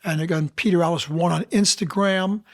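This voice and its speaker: A man with a fairly high voice talks as a podcast guest. He tells his stories with animation and acts out the people he quotes. He speaks as a seasoned actor and dialect coach. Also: fairly even intonation, brisk. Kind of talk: casual interview storytelling.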